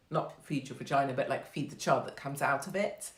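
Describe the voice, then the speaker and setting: A woman's voice: sits low, brisk, few pauses. Brash, sarcastic English woman in a roomy space. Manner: brash, sarcastic and profane, laughing at her own jokes. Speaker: host of her own online show. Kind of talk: casual monologue on a live stream. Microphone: phone microphone. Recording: roomy echo.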